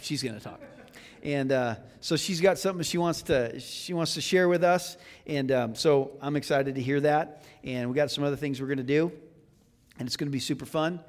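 A male pastor preaching a casual, conversational sermon in a church, chatty and joking, with lots of fillers and restarts. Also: medium pitch. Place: church sanctuary. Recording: long church reverb.

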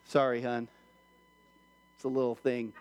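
A middle-aged man preaching a sermon as pastor in church, animated, acting out the voices he quotes. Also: medium pitch, a little slow, big-room sound.

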